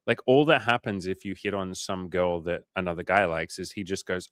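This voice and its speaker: Young male dating coach, lower register, relaxed and profane, encouraging tone, dry close mic. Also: brisk, few pauses, clean tone, no echo. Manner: casual, swearing, joking, reassuring. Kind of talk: casual livestream chat reading viewer comments.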